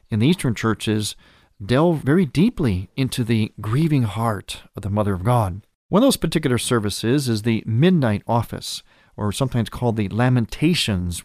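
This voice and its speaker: A man who is a priest and show host, giving an earnest, measured explanation of church liturgy with small restarts. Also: medium pitch, a little mellow, dry recording, clean studio sound.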